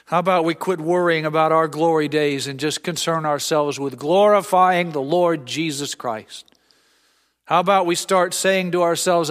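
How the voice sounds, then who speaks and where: A man's voice: fairly high pitch, steady tone, moderate pace, long reverb tail. A man preaching a sermon, telling stories earnestly and acting out the voices of people in them. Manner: earnest storytelling, acts out voices. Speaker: pastor.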